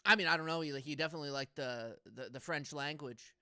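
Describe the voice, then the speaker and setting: A young man co-hosts a casual comedy podcast, rambling and stammering through restarts. His voice is fairly high, fast, pushed and bright, with clean studio sound and no echo.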